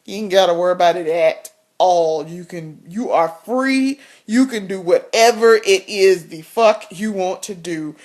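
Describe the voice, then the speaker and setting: A woman's voice: on the low side, a little slow, few pauses, a little mellow. A woman vlogger telling a story in a casual, blunt rant, swearing freely and laughing often.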